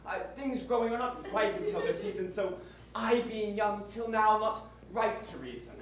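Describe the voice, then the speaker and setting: Brief: teen actor as an earnest young lover, slightly high voice, echoey stage from far off. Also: male voice, expressive, normal speed, a little hiss or hum. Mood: ardent. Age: teens. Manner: earnest verse delivery, softening to intimate. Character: young lovestruck nobleman, ardent and earnest. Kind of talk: stage Shakespeare acting. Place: school theater stage. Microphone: distant room mic.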